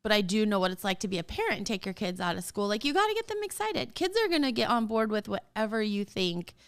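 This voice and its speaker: A woman in her forties hosting a casual podcast, talking straight to parents in an animated, emphatic way and often laughing. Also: mid-range voice, fast talker, smooth. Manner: talks straight to listeners as a parent. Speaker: podcast host.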